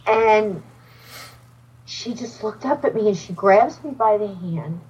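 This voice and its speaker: A woman's voice: medium pitch, takes it slowly, slightly rough, far from the mic, highs cut off. A woman guest on a podcast telling a personal story in a casual way, acting out the voices of the people in it. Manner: animated storyteller, acts out dialogue. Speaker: podcast guest, psychic medium.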